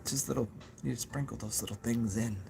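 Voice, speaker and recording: A man hosting his own channel, talking through thoughts in a loose live chat, halting with fillers and restarts and tossing in goofy self-mocking asides. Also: mid-range voice, fairly even intonation, vocal fry, mellow, a little hiss or hum. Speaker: channel host. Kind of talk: rambling live chat with viewers.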